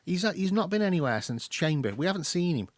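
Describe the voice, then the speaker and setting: A man with an English accent co-hosting a podcast, chatting casually and acting out quotes in quick bursts. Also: a little high, sing-song, no room sound, clean studio sound. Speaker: podcast co-host. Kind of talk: casual chat.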